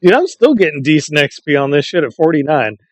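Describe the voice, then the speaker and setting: A man chatting casually with friends while playing an online game, swearing freely and telling stories at a relaxed pace. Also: on the high side, fast talker, no echo. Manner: profane, laid-back storytelling. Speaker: gamer in a group. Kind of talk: casual voice chat while gaming.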